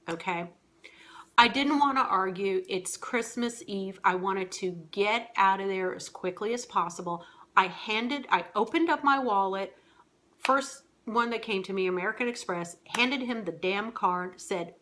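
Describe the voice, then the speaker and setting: Woman, vlogger, casual storytelling, animated, chatty, exasperated, mid-pitched voice. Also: measured pace.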